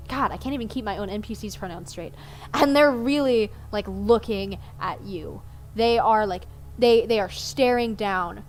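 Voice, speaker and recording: A woman's voice: medium pitch, moderate pace, faint music behind. A woman narrating as game master in a casual, chatty way with plenty of ums.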